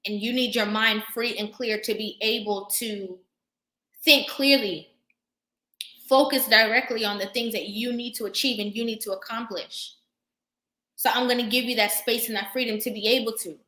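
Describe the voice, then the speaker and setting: A young woman hosting a live stream, talking emphatically and preaching to her viewers, pausing now and then to thank them for their comments. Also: on the high side, steady tone, sharp tone. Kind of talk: impassioned live-stream talk. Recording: roomy echo.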